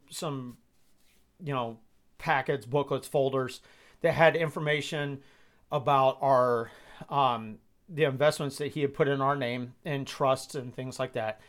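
A man in his thirties from Georgia hosting a live stream Q&A, answering in a reflective, hesitant way with many pauses and fillers. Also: medium pitch. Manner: reflective, hesitant with many ums, gets emotional. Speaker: host.

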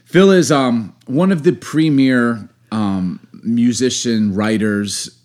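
A man co-hosting a casual podcast, teasing and quick to laugh. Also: mid-range voice, a little mellow. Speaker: podcast co-host. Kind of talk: casual chat.

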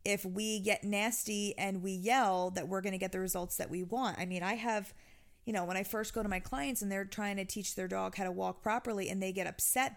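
Animated woman dog trainer. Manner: animated storytelling, jumps high when quoting. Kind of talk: casual podcast chat.

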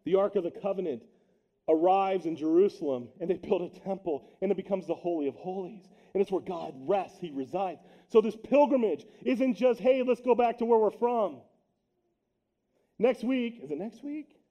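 A man preaching a sermon to his church as pastor, energetic and joking, rising to shouts on key points. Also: high voice, moderate pace. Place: church sanctuary.

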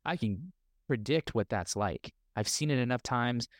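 Man, young adult, earnest, reflective, mid pitch, dry recording. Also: lively intonation, unhurried, no room sound. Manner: earnest, reflective, with many restarts. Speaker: podcast guest, speaker and coach. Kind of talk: casual interview storytelling.

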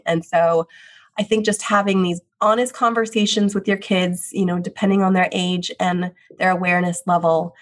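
A woman, a widowed mother and children's book author, answering interview questions in an earnest, open way. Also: on the low side. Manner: earnest, open, repeats phrases like "the reality is".

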